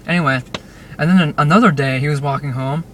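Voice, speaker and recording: A man's voice: fairly high pitch, fast, fairly bright tone. A young man rambling in a casual vlog while driving through traffic, with lots of fillers and restarts. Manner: rambling, restless, fillers and self-interruptions. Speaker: vlogger. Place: car in traffic. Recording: distant car-cabin audio with road noise. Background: car and road noise.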